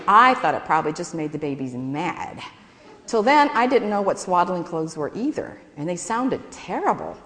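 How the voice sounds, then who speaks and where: A woman's voice: fairly low pitch, normal speed. Woman reading a story in church. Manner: expressive storytelling. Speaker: reader in church. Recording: echoey church hall.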